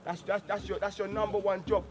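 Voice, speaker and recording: Man, raised pitch, earnest slang-heavy speaker at a street gathering. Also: flat delivery, a little fast. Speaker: community speaker.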